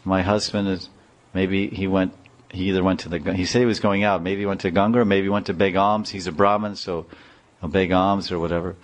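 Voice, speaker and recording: A man's voice: low-pitched, steady tone, fairly quick, natural voice. A man voicing a brahmin's wife who questions and protects in a raised voice. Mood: puzzled. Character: puzzled, indignant brahmin's wife.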